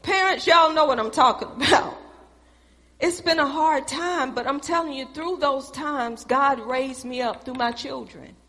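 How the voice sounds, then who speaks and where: A middle-aged woman telling a preached testimony, speaking in an animated storytelling way and calling out to her audience. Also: high voice, measured pace.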